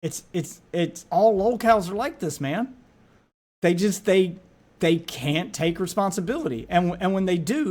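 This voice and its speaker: A high-pitched man talks over a clip as a streamer, casual and exasperated. He stumbles and repeats words when he gets worked up. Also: lively intonation, normal speed, a little mellow. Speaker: streamer reacting to a video. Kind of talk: casual reaction commentary.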